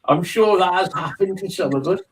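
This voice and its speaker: A man's voice: high-pitched, brisk, distant mic, slight background noise, rough recording. A man, co-hosting a casual podcast and trading dry, teasing banter. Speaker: podcast co-host. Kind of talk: casual chat.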